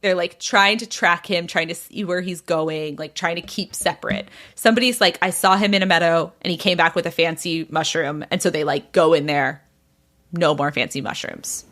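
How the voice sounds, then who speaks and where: A woman's voice: lowish voice, moderate pace. A woman podcast host in casual chat, animatedly retelling a story and acting out what people said, with a lot of "like". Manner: animated retelling, acts out quoted people, frequent "like".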